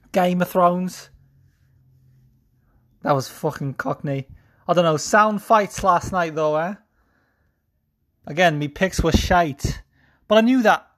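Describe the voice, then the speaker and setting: A podcast host doing a casual fight recap in a put-on Scouse accent, mocking his own attempt. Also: sits high. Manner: putting on a mock Liverpool accent, self-mocking.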